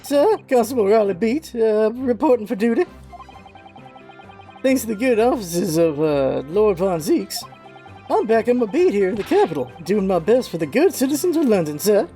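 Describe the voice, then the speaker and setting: A woman's voice: mid-range voice, very animated, normal speed, mellow, faint music behind, voice pushed up, close to an everyday voice. A woman voicing an earnest, lovestruck male London constable in a game voice-through, dutiful and formal.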